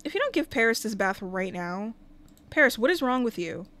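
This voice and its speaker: Woman, livestream game commentary, chatty, fairly high voice. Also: big pitch swings, moderate pace, fairly bright tone. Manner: chatty, talks to game characters and chat. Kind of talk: casual gameplay commentary.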